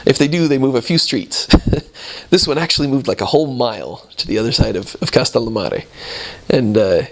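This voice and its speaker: A man casually telling a story, animated and laughing often as he goes. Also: mid-range voice, a little fast, creaky, rough recording.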